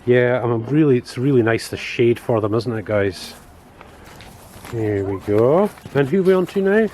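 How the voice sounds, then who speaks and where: A man's voice: mid-range voice, expressive, measured pace, a little mellow, slight background noise. A man filming outdoors at a bird of prey centre, cooing fondly at the birds and asking them little questions. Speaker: family vlogger filming. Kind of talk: casual vlog commentary.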